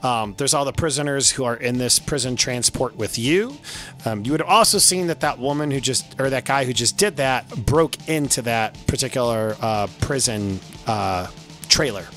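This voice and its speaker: Bright-voiced male game master. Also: mid-range voice, moderate pace, faint music behind. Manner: loose and chatty, many fillers, laughs often. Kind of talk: narrating a tabletop game.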